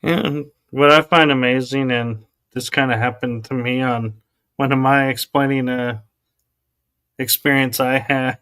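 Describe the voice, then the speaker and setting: A man's voice: medium pitch, steady tone, unhurried, a bit bright, clean tone. A man hosting an interview, asking reflective, thoughtful questions. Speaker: podcast host. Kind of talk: interview conversation.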